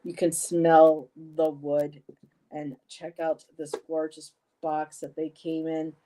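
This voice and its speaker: A woman in a casual vlog, talking to her viewers with many ums and pauses, gushing and emotional. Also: low-pitched, level tone, mellow. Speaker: vlogger.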